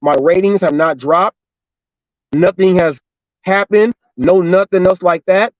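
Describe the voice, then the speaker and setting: A man's voice: high voice, measured pace, no echo, highs cut off. A middle-aged man from Southern California, a delivery driver and show host, telling a story in a casual monologue and acting out the dialogue with lots of repetition. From Los Angeles and Orange County, California. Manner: animated, repetitive retelling with quoted dialogue.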